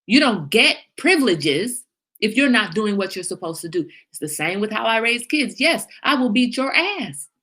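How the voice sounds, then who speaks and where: A middle-aged woman hosting a livestream, chatting casually and emphatically with viewers and telling animated stories. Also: fairly high pitch, moderate pace, slightly rough. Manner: animated storyteller, emphatic, reads viewer comments. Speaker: livestream host.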